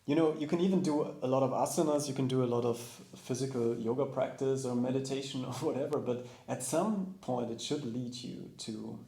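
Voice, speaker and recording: Gravelly yoga teacher guy, thinks out loud, lots of restarts, echoey room. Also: medium pitch, a little fast, few pauses. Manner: reflective, hesitant, with many restarts. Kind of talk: casual conversation.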